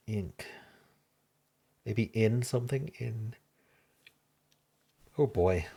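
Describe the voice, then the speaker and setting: A man thinking aloud as he solves a crossword, muttering in halting self-talk with half-voiced asides. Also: lowish voice, gravelly, slight background noise. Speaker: crossword solving channel host. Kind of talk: thinking aloud while solving a puzzle.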